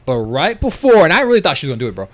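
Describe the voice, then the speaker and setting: A young man co-hosting a podcast, recapping a TV episode in excitable, slangy casual talk. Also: fairly high pitch, very fast, no echo. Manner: excitable, slangy, says bro and dude. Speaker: podcast co-host.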